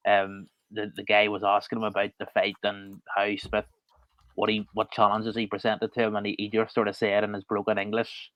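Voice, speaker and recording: A low-voiced man tells a story as a podcast co-host in casual chat. The sound is close and dry. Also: completely flat delivery, moderate pace, fairly bright tone, no echo, rough recording.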